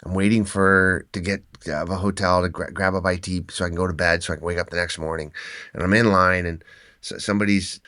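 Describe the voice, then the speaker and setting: A man, an endurance athlete and author, telling animated stories as a podcast guest and often restarting his words. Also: deep voice, fast, no room sound, clean studio sound. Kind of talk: conversational podcast storytelling.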